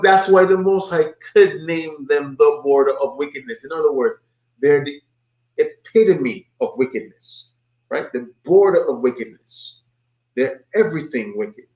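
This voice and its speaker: A man's voice: moderate pace, darkish tone. Emphatic preaching man in an echoey room. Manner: emphatic, mocking, repeats points with rising pitch. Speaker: bible study teacher. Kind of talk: preaching commentary on a played video.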